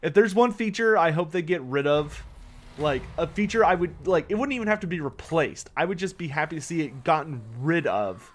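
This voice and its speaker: Speaking fairly quickly in an expressive, high-leaning voice, a man streams a strategy game live. He answers questions from chat in a relaxed, talkative way, yawns with fatigue, and swears when annoyed.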